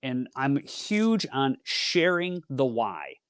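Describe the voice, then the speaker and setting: A man who coaches leaders, guesting on a podcast, telling stories in a lively way and acting out the dialogue. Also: mid-range voice, slow, clear, resonant tone, no echo, clean studio sound. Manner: animated storyteller, acts out dialogue. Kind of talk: podcast interview storytelling.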